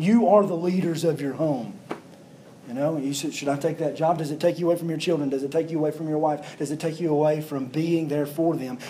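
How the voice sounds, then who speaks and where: A man's voice: fairly high pitch, dark tone, slight background noise, rough recording. A man preaching a sermon as pastor, building emphasis through repeated phrases.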